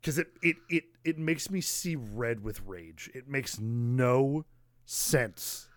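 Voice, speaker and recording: A man co-hosting a podcast, animated and exclamatory, filling his talk with likes. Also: medium pitch, dry recording, clean studio sound. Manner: animated, quick to exclaim, many filler likes. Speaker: podcast co-host, musician. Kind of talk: casual chat.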